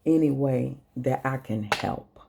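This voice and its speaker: Slow gravelly woman with a Chicago accent. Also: a bass voice, background noise. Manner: slow, earnest and blunt, with profanity. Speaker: vlogger. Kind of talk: emotional direct-to-camera monologue.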